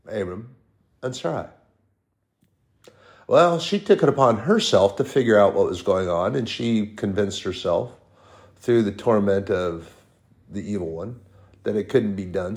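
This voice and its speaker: A man preaching a sermon, stressing points with repeated lists and drawn-out words. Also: fairly low pitch.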